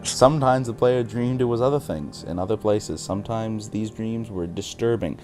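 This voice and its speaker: A channel host runs a game session, reading the on-screen text aloud and frequently stumbling and giggling over the words. His voice is fairly low and moves at a normal speed, with game music playing behind him.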